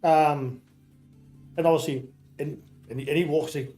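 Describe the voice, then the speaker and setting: Geordie man, fairly high voice, rambling casual storyteller, swears a lot, game music underneath. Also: expressive, moderate pace, pauses often, dark tone. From North East England. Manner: rambling storyteller, many restarts, swears freely. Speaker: streamer. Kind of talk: casual chat while gaming.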